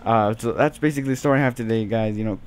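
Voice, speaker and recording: Racing along in a medium-pitched voice, a teen boy narrates a meandering, filler-packed story while playing a game on his channel. Slight background noise can be heard.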